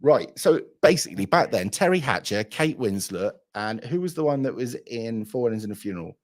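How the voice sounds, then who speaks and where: A man's voice: mid-range voice, expressive, fairly quick. A hungover man, hosting a livestream and chatting crudely, swearing and rambling. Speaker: livestream host. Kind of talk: crude casual chat.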